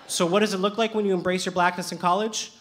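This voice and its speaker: A young man with a noticeably high voice tells a true personal story live onstage. He speaks with lively, animated delivery and sharp comic timing. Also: fast talker, a little hiss or hum. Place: theater stage with audience.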